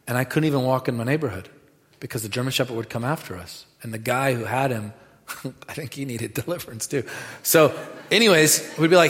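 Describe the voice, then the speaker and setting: A man preaching a sermon in a lively, animated way, dropping to quiet asides and rising to loud bursts. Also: mid-range voice, moderate pace. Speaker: pastor. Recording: reverberant hall.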